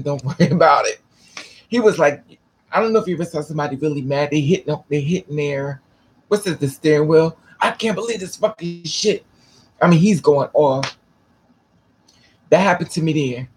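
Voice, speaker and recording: Male vlogger, husky and a bit high-pitched, loose profane storyteller. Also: a little mellow. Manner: rambling, restarts, profane. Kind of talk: casual storytelling to camera.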